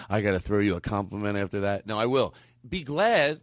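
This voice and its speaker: A man's voice: lowish voice, expressive, fairly quick. A man hosting a casual podcast chat, rambling and earnest, often restarting his sentences. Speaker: podcast host.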